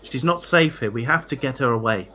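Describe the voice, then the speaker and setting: A man's voice: mid-range voice, animated, fairly quick, sharp tone. Dm doing a scared young noble guy pleading for help, pretty normal voice. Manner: begging, anxious. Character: pleading nervous young man, noble's son.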